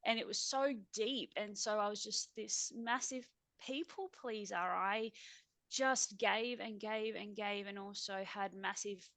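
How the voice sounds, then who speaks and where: A woman's voice: medium pitch, unhurried, fairly bright tone, no echo. An Australian woman, a guest on a remote video call, telling her personal story in a reflective, earnest way and laughing easily. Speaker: interview guest.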